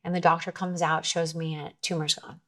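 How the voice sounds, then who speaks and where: A woman's voice: low voice, flat delivery, fairly quick. A woman guest in a conversation, telling her personal story in an earnest, emotional way, often restarting her sentences. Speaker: podcast guest.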